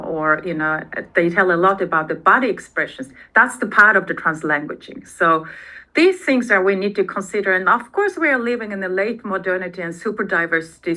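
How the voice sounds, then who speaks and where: A woman's voice: on the low side, bright, forceful tone, rough recording. A woman from Mongolia whose first language is Mongolian, giving an academic presentation in English with many fillers and restarts.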